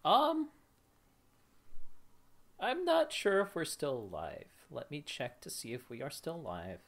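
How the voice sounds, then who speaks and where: An upbeat stream host whose voice swoops widely up and down. The pitch sits in a middle range. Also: wildly swooping pitch, slow pace. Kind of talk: tabletop game chat.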